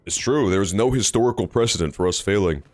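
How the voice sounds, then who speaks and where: A man casually commenting on his gameplay, with joking, sarcastic and animated reactions. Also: fairly low pitch, fast, slight background noise. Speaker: streamer.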